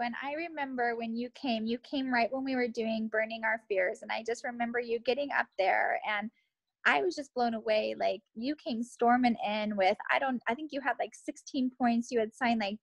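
A woman's voice: a little high, no echo, low-quality recording. A woman leading a team video call, gushing with effusive praise. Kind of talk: casual live video chat.

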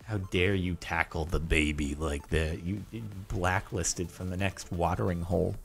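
A man's voice: fairly even intonation, a little slow, gravelly, breathy edge, faint music behind, heavily acted. A man voicing a big, stern elephant who scolds indignantly. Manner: low, scolding.

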